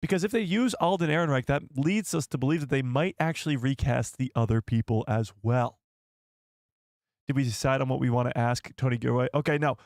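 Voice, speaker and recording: A man hosting a casual live stream and chatting with viewers, with a hoarse voice that is almost gone. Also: mid-range voice, brisk, no echo, clean studio sound. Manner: laughing fits, excitable, chatty with viewers. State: losing his voice. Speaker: YouTube livestream host. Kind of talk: casual livestream chat.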